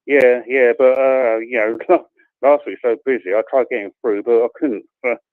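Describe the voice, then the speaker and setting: A male caller on a dry, tinny phone line. He rambles along, laughing softly and repeating himself as he chats with the host. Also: medium pitch, steady tone, moderate pace, dry recording. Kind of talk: casual phone chat.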